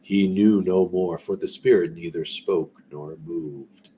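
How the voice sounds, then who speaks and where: A man reading a classic story aloud in a relaxed way, breaking off now and then for rambling, conversational asides. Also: low-pitched, slow pace, slight background noise. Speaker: story reader.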